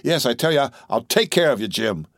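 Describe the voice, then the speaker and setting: A man's voice: medium pitch, lively intonation, fairly quick, fairly bright tone, no echo, studio quality. A man voicing an anguished young soldier who stammers through a choked throat. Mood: frantic.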